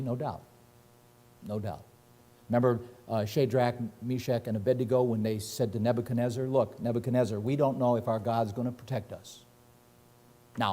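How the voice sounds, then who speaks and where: A man's voice: medium pitch, darkish tone. A middle-aged man teaching verse by verse through a Bible passage, reading scripture aloud with dramatic emphasis and laughing often as he explains it.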